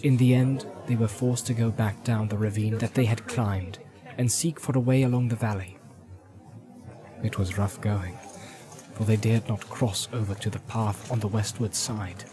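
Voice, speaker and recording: A man narrating a fantasy audiobook in a measured storytelling way. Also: on the low side, fairly even intonation, crowd noise.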